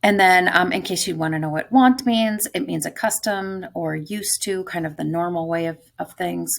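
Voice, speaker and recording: A woman's voice: lowish voice, normal speed, creaky. A woman teacher leading a close-reading lesson, thinking aloud about a story's clues. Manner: thoughtful, musing aloud.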